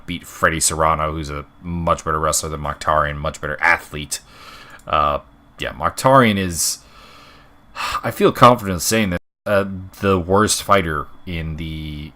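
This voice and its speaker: Deep, bright-toned man talking fight picks. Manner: rambling, many fillers and restarts. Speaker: MMA fight predictions host. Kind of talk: casual unscripted commentary.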